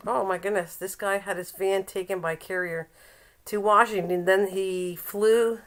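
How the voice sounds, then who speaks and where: An older Canadian woman chats casually on a live stream from home, teasing her viewers and laughing often in a middle-pitched, fairly even voice. Whenever she reads aloud, she slows down and stumbles over the words.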